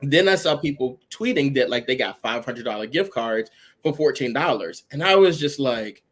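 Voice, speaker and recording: A man's voice: medium pitch, animated, normal speed. A man co-hosting a podcast, telling a long rambling story in casual chat and filling it with "or whatever". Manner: chatty, rambling, uses "or whatever" often. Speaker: podcast co-host.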